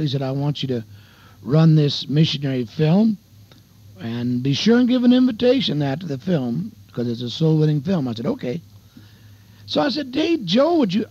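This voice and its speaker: A man's voice: fairly high pitch, a little mellow, breathy edge. Older evangelist man, folksy radio sermon. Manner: folksy testimony, addresses listeners as beloved and dear friends. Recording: dull lo-fi radio broadcast.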